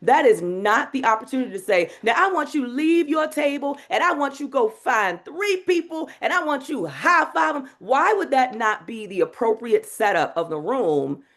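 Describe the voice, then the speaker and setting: A woman teaching a live online masterclass on public speaking, in an energetic, demonstrative way. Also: high voice, normal speed, hardly any pauses. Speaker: speaking coach. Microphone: video call.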